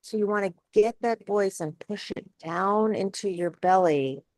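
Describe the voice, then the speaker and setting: A woman speech coach hosting a live webinar Q&A, talking in halting phrases with many fillers and restarts over a video call. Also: mid-range voice, a little mellow, no room sound.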